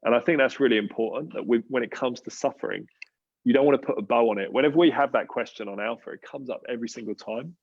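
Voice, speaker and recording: A man's voice: medium pitch, quick pace, slightly rough, muffled recording. A man with an Australian accent hosting a church panel, talking through a passage in a conversational, thoughtful way with many fillers and restarts. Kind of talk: casual talk on a live panel.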